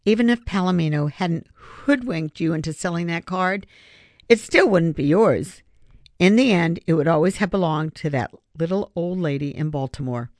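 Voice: medium pitch, expressive, normal speed, a little mellow, no room sound, close to an everyday voice. A narrator voicing an earnest father who sighs over money troubles. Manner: sighing, earnest. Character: worried father with an invention.

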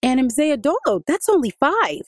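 A woman voicing an eager, excited little village boy in a high, bouncy voice. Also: normal speed, dry recording, studio quality.

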